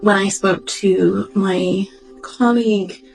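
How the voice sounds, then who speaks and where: A woman doctor giving a reflective, heartfelt personal testimony, pausing and searching for words as she goes. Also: medium pitch, steady tone, creaky, darkish tone, low-quality recording. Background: faint background music.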